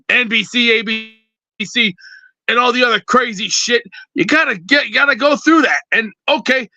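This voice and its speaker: Furious male caller, shrill and bright, swearing through a rambling rant. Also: dry recording, lo-fi sound. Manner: angry, profane, rambling. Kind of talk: fired-up fan rant.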